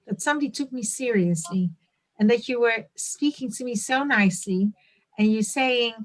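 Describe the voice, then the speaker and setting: A woman with a somewhat higher voice shares how an exercise felt to her. She speaks earnestly, stumbling and restarting her words as she searches for them. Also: normal speed. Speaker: trainee. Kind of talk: group feedback in training.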